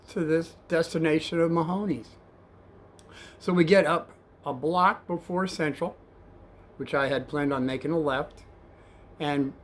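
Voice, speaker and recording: A man who used to drive a cab, telling a story casually and softly, with a rambling manner and calling his viewers kids. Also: a little high, slight background noise. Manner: soft-spoken and rambling, addresses viewers as kids.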